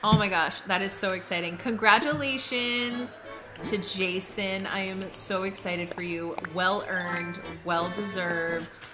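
A woman hosting a casual live stream while gaming, gushing and excitable, with squealing bursts. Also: medium pitch, a little slow, over music. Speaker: streamer host.

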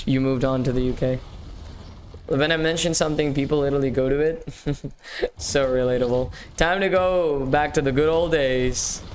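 A man's voice: medium pitch, slight background noise. A young man hosting a live gaming stream, chatting casually and upbeat with viewers, slangy and often repeating himself. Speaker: livestream gaming host.

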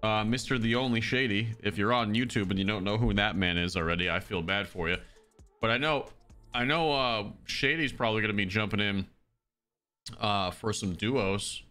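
A man's voice: fairly low pitch, normal speed, bright, forceful tone, clear, resonant tone, soft background music. A man streaming a shooter game, chatting loosely with his viewers in casual commentary. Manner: chatty, loose, talks to chat as "dude" and "brother". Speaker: livestreamer playing a shooter. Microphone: streaming mic through an audio mixer.

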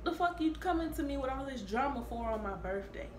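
A woman giving a casual tarot reading, blunt and profane, talking in an animated way. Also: sits high, fairly quick, slight background noise. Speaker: tarot reader. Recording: echoey room with faint ambience.

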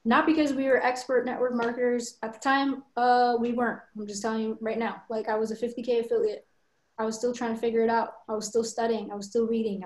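A woman coaches her team over a video call, talking with earnest conviction. Her voice sits fairly high, and her room has a noticeable echo. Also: a little mellow. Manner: earnest, fast storytelling with conviction. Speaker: guest coach.

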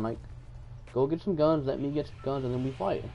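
A man's voice: medium pitch, fairly quick, vocal fry, warm tone, soft background music. A young man from Texas live-streaming a game, chatting casually and joking while reading viewer messages aloud. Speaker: gaming streamer.

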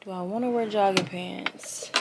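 A woman's voice: medium pitch, fairly even intonation, moderate pace, gravelly, background noise. A woman vlogging at home at night, chatting casually to her viewers as she gets ready, recorded on a camera on a tripod. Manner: chatty, addresses viewers as y'all.

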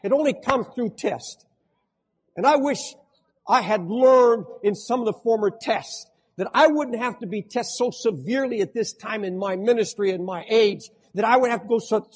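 A man's voice: very high voice, animated, moderate pace, slightly rough. An older man preaching a fervent sermon as pastor, speaking directly to his congregation. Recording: long hall reverb.

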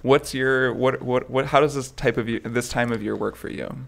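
Male podcast co-host, playful casual chat, gravelly texture. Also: medium pitch, steady tone, normal speed. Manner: playful, joking.

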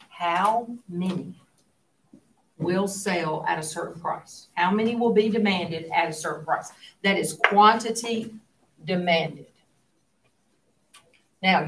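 A woman with a lowish voice teaches a class an economics lesson, posing questions and slipping into near whispers for asides. She's far from the mic in a roomy classroom, with slight background noise.

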